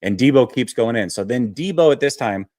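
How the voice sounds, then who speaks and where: A man hosting a casual sports talk show, telling a story with lots of fillers and animated detail. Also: medium pitch, brisk, no echo, studio quality. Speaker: host.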